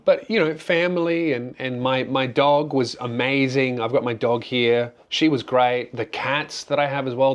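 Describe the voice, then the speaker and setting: A young adult man, a comedian hosting his own channel, answers questions in a casual, candid way. He sounds earnest and grateful and rambles with frequent restarts. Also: mid-range voice.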